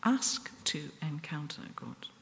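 A woman preaching a sermon up at the front, earnest and self-deprecating, with pauses and restarts. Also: deep voice, very animated, vocal fry, a bit bright, in a whisper. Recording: long reverb from a hall.

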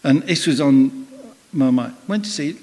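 Male preacher, mid-pitched, chatty storyteller, voices the people he quotes, church hall reverb. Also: unhurried, darkish tone. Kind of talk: sermon with personal anecdote.

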